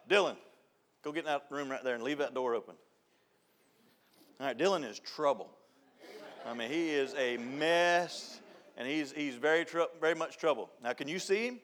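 A man's voice: on the high side, moderate pace, long pauses. A middle-aged man, preaching a folksy, joking sermon as a church youth director. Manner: storytelling, joking, shouts and laughs at punchlines. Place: church sanctuary.

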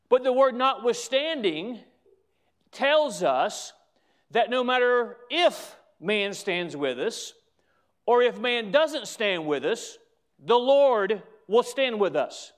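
A man preaching a sermon, slowing down and drawing out key words for emphasis. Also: sits high.

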